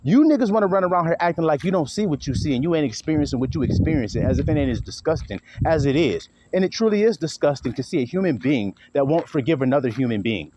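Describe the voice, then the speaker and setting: A man's voice: fairly high pitch, lively intonation, quick pace, few pauses, background noise. Blunt, profane man preaching a sermon. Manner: blunt, profane street preaching, acts out quarrels. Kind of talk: informal sermon.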